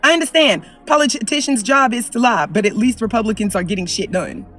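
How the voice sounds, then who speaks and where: A woman's voice: a little fast, far from the mic, soft background music. Emphatic woman ranting to camera. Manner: emphatic, repeats lines for effect, swings between loud and low. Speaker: vlogger. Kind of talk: opinion rant to camera.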